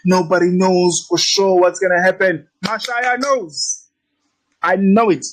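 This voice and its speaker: Brief: cocky male trading coach, high voice, talks casually. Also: level tone, normal speed, rough recording. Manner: brash, teasing, repetitive, swears freely. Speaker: trading instructor. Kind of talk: casual screen-share tutorial.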